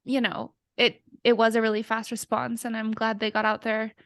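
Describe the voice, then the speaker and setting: A woman's voice: a little high, flat delivery, normal speed, dry recording, studio quality. A woman co-hosting a podcast, talking casually and sympathetically, rambling with many filler words.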